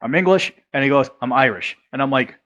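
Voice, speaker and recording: An American man talking on a podcast at an ordinary middle pitch. He rambles through funny stories with plenty of swearing, slipping into the voices of friends as he retells what they said. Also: fairly even intonation, quick pace, bright, forceful tone. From United States. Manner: rambling, profane, retells dialogue with quoted voices. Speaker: podcast guest. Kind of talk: casual storytelling.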